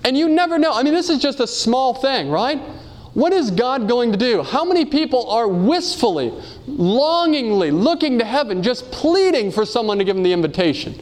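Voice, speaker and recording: A man with an unusually high-pitched voice delivers a sermon. He talks earnestly, asks his listeners question after question, reads quotations aloud and drifts into personal stories. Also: sing-song, moderate pace. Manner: earnest, asks the audience many rhetorical questions. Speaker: preacher.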